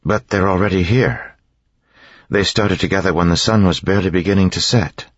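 Man voicing a pushy young woman, raised from a very deep husky voice, dull lo-fi audiobook sound. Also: fairly even intonation, moderate pace, dry recording. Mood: uneasy, pressing. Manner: pressing questions, impatient. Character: young woman, sharp and restless.

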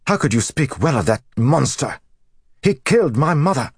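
A man's voice: deep voice, sing-song, a little fast, husky, dry recording, studio quality, voice pushed up, heavily acted. A man voicing a proud, hot-tempered young prince who speaks tensely and defiantly. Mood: furious. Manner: tense, defiant, raising his voice.

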